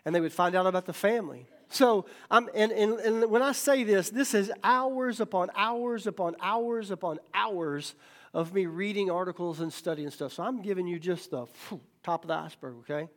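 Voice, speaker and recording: A middle-aged male pastor with a high-pitched, fairly bright voice delivers a folksy, joking sermon at a moderate pace. He checks in with "okay?" and "right?" and acts out the voices of people in his stories.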